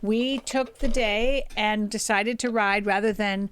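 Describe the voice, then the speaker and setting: A woman's voice: medium pitch, fairly even intonation, a little slow, fairly bright tone, clear, resonant tone, dry recording. A young woman co-hosting a podcast, chatting casually and rambling with fillers and restarts. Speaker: podcast co-host. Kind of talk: casual chat.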